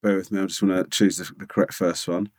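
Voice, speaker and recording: A man co-hosting a podcast, teasing his co-host in quick casual banter. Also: deep voice, flat delivery, darkish tone. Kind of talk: casual chat.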